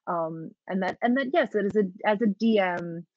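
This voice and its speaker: A woman's voice: mid-range voice, normal speed, darkish tone, highs cut off. A woman game master chatting casually about running her campaign, laughing often and restarting her sentences. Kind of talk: casual talk-show chat.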